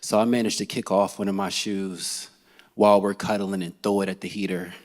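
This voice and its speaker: A man telling a funny personal story to a live audience, animated and laughing as he goes. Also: sits low, a little fast. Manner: animated and comic, laughing as he tells it. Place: theater stage.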